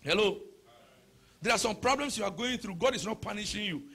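Raspy high-voiced preacher man. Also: lively intonation, a little fast. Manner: shouted, sing-song prayer with call-and-response; conversational teaching with rhetorical questions. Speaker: pastor. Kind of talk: sermon.

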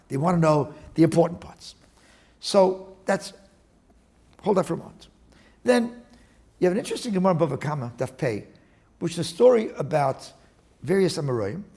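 Being interviewed casually, an attorney and index author speaks with an animated, gravelly voice on the high side. He digresses, restarts frequently and uses Talmudic terms.

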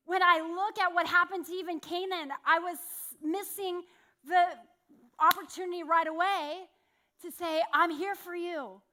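A woman delivers a sermon in a high voice, folding candid personal stories into her message. Her tone is bright and a little sharp, and she pokes fun at herself as she talks. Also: steady tone, moderate pace. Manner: candid, self-deprecating storytelling with laughs. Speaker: church speaker.

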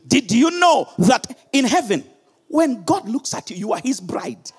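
A middle-aged male pastor preaching an impassioned sermon, shouting some lines and dropping low and quiet on others. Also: big pitch swings, unhurried, breathy edge, big-room sound.

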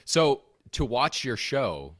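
A man's voice: mid-range voice, very animated, takes it slowly. A man with a Wisconsin accent hosting a podcast, asking questions and joking in casual talk. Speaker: podcast host.

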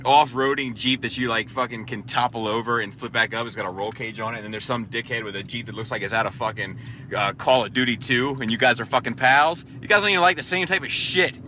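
A man's voice: mid-range voice, quick pace, sharp tone, slight background noise. A man talking casually in a car, rambling and swearing, with a self-deprecating edge. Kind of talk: casual chat.

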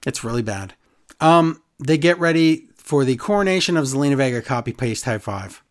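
A man's voice: medium pitch, animated, moderate pace. A man co-hosting a casual wrestling recap chat, sarcastic and exasperated. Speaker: podcast co-host.

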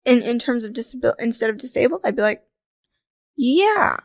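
Candid, jokey young woman, higher voice. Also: quick pace, vocal fry, no room sound, clean studio sound. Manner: candid, jokey, animated storytelling. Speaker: podcast guest. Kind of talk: casual interview chat.

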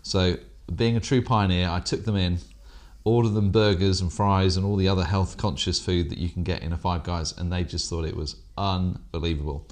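Deep-voiced British man, dry wit. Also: steady tone, normal speed, a little mellow. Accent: British English. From England. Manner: dry, self-deprecating humour. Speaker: podcast co-host. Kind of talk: casual business podcast chat.

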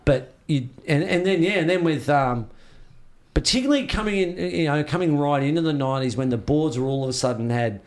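A man's voice: fairly high pitch, brisk, darkish tone. A man with an Australian accent, a surfboard shaper, telling rambling stories in a casual interview and acting out the reactions he quotes.

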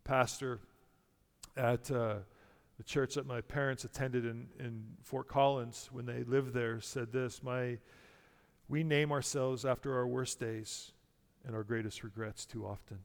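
A man's voice: medium pitch, fairly even intonation, measured pace, vocal fry, big-room sound. A man preaching a sermon to a congregation, emphatic and full of rhetorical questions. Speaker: pastor.

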